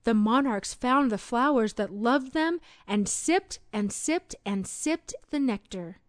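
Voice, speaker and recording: A woman narrating a children's read-along storybook in an expressive, sing-song storytelling manner. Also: on the high side, takes it slowly, no echo, studio quality.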